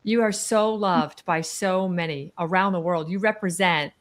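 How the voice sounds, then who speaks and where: A woman with a somewhat low voice talks over a video call. She gushes with effusive praise in an animated, heartfelt way. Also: moderate pace. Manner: effusive, warm-hearted, gushing.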